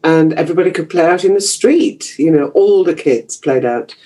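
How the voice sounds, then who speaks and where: A woman's voice: deep voice, animated, moderate pace, dark tone, poor audio. An older woman from Yorkshire with a received pronunciation accent, a broadcaster chatting as an interview guest about her childhood, self-deprecating and full of fillers. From Yorkshire, England. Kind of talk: reminiscing interview talk.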